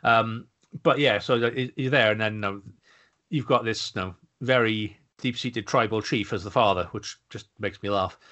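A man in a relaxed podcast conversation, with a voice pitched a little below the usual. He hesitates often and fills his pauses with ums. He gets to his points through several restarts. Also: muffled recording. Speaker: podcast co-host. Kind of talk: casual chat.

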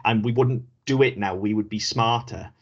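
A man co-hosting a podcast, with a somewhat low voice. He speaks with firm opinions and leans on repeated words for emphasis. The recording sounds dull and lo-fi. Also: normal speed, slightly rough. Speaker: podcast co-host. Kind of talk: casual podcast chat.

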